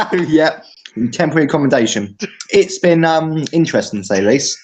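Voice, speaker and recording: A man's voice: a little high, expressive, normal speed, darkish tone, slightly rough. A young man co-hosting a casual podcast, blunt and joking, swearing heavily. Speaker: podcast co-host. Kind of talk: casual chat.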